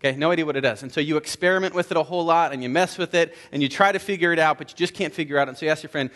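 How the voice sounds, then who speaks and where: A man's voice: fairly high pitch, racing, few pauses, fairly bright tone. Earnest male pastor preaching. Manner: earnest, conversational, repeats words as he goes. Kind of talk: sermon with prayer and scripture reading. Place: church room before a congregation.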